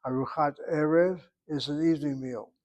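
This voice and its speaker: A man's voice: fairly high pitch, steady tone, normal speed, darkish tone. Man teaching Hebrew grammar step by step. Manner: explains grammar step by step, calls on students by name. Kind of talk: online class instruction.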